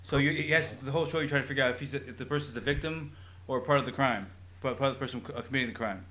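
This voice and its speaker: A man co-hosting a casual podcast chat, talking very fast and restarting his sentences. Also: medium pitch, pushed and bright. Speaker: podcast co-host.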